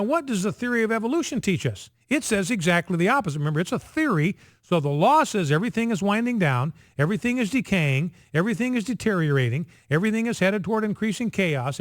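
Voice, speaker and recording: A man talking on the radio in an emphatic, insistent way, repeating his key points again and again. His voice sits high and swings widely in pitch. The studio sound is dry and close. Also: no room sound. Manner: emphatic, repetitive, insistent, drills points by repetition. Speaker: radio host. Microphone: studio microphone.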